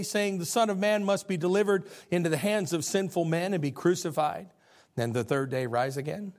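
A middle-aged male pastor preaching a sermon, animated, acting out biblical figures as he goes. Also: sits high, normal speed.

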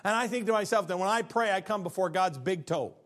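Middle-aged pastor preaching a sermon, fairly high male voice, swings from hushed to shouting. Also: brisk.

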